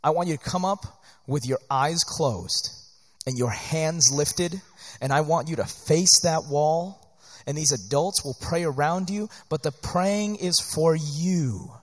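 A man preaching in an earnest, animated, conversational way, often checking in with "right?", teaching church workers. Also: on the high side, unhurried. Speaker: pastor. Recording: long hall reverb.

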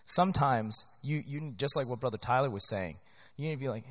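A man preaching in an earnest, animated, conversational way, often checking in with "right?", teaching church workers. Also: mid-range voice, a little fast. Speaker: pastor. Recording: long hall reverb.

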